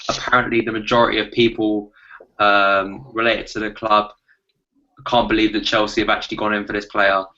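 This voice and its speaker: A man talking in a casual football fan chat, steady and repeating phrases as he thinks. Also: on the low side, slight background noise. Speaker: fan panelist. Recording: dull lo-fi sound.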